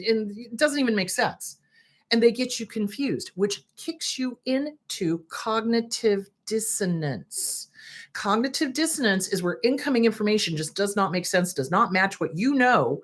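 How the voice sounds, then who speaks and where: Blunt, lively-voiced woman host. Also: on the high side, moderate pace. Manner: blunt, indignant, swears freely. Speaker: host, therapist. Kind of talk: direct-to-camera commentary.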